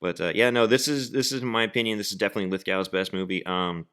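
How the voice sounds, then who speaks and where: A man hosting a casual film podcast, talking low and deep with a bright, forceful edge. He rambles enthusiastically and fills his sentences with ums and likes. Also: steady tone, fast, clean tone. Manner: rambling, enthusiastic, many fillers. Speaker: podcast host. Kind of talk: casual chat.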